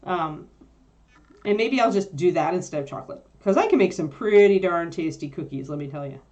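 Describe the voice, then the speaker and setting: Woman, lowish voice, casual livestream chat, rambling, filler-heavy, laughs easily. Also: lively intonation, fairly quick, a little mellow, dull audio. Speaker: livestream co-host answering chat.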